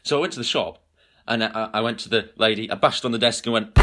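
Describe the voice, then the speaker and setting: A man's voice: on the low side, quick pace, sharp tone. A young man co-hosting a podcast in casual chat, giggly and often stumbling over his words. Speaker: podcast co-host.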